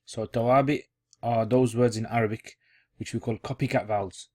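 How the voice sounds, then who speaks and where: A man gives an online Arabic grammar lesson in a relaxed, conversational way. His voice sits at a middle pitch, and he restates key terms and thinks aloud as he explains. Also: moderate pace.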